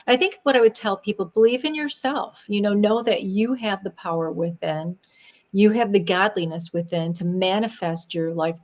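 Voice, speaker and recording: A woman from the Niagara Falls area, a guest psychic medium chatting casually and telling animated stories with frequent laughs. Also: fairly low pitch, highs cut off. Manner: chatty, animated storyteller who laughs often. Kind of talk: casual podcast chat.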